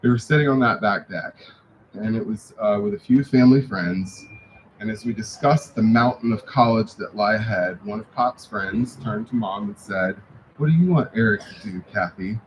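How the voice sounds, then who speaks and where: A man's voice: lowish voice, moderate pace, a little hiss or hum, rough recording. A man giving a eulogy for his father, telling family stories with light humor. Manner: warm anecdotal storytelling with light humor. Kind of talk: memorial speech, storytelling. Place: memorial service venue.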